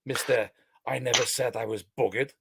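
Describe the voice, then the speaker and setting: A man's voice: mid-range voice, fairly even intonation, normal speed, creaky, noisy background. A man on a live stream panel, mocking and taunting the host. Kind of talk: heated live stream argument.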